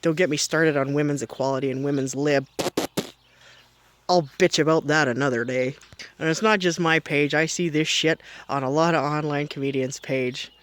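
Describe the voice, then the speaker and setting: Man doing a brash foul-mouthed mom, highish voice, sarcastic, mocking, comedic rant to camera. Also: fairly even intonation, moderate pace, fairly bright tone, a little hiss or hum. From Canada. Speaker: comedy vlogger.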